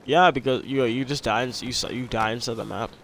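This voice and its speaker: A young man, commenting on his own gameplay casually, excitable, repeating himself and yelping when attacked. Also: mid-range voice, fairly quick, slight background noise. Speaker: gameplay streamer.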